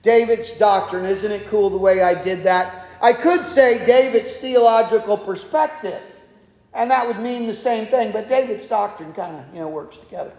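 High-voiced man preaching in echoey hall. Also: moderate pace, darkish tone. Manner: conversational, repeats words when restarting. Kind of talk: expository sermon. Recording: echoey hall, long reverb.

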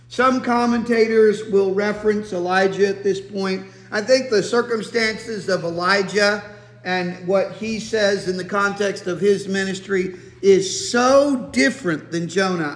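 High-voiced man preaching in an echoey hall. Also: measured pace. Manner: conversational, many restarts and fillers. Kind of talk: expository sermon.

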